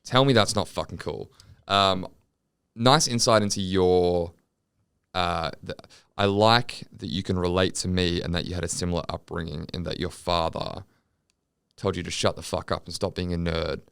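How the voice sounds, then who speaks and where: Deep gravelly young man. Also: moderate pace, no echo, clean studio sound. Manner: crude, joking, animated storytelling. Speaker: podcast co-host. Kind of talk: casual comedic podcast chat.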